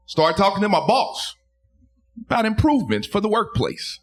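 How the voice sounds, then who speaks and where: A man doing a loud, animated stand-up set with crude punchlines, then chatting casually on a live comedy podcast stage. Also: on the high side, moderate pace.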